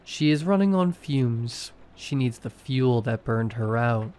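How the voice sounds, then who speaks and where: A tall jagged shadow creature, as a male narrator puts it on, drones in a cold monotone. It speaks slowly and evenly. It sounds like a monster in a spoken horror tale. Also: mid-range voice, lightly acted. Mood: droning. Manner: droning monotone.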